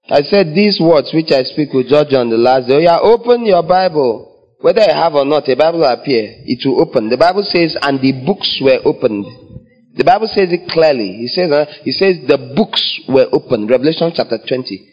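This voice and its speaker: A man's voice: on the high side, expressive, moderate pace. A man preaching a sermon, acting out scenes with different voices. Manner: dramatic, acts out scenes with voices. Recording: dull lo-fi sound.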